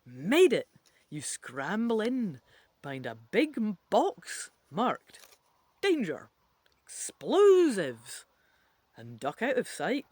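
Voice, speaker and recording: A woman reads a choose-your-own-adventure story aloud at an unhurried pace, her pitch swooping widely. She breaks off for playful, chatty asides. The sound is dry and close. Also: very animated, darkish tone, breathy edge, dry recording. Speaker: reader of an interactive adventure book. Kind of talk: reading a gamebook aloud with asides.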